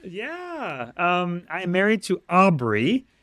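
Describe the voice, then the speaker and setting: A man's voice: high voice, huge pitch swings, pushed and bright, no room sound. A man in his thirties, a Greek teacher, chatting casually and eagerly in an interview, with many fillers and bursts of speed. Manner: enthusiastic, talks fast in bursts with many fillers.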